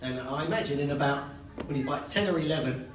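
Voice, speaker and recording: A man's voice: a little high, fast. Older guy doing a father of the bride speech, jokey, laughs at himself, echoey far-off hall recording. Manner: joking and self-mocking, laughing between lines. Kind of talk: wedding speech. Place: wedding reception hall, indoors. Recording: echoey hall, distant and noisy.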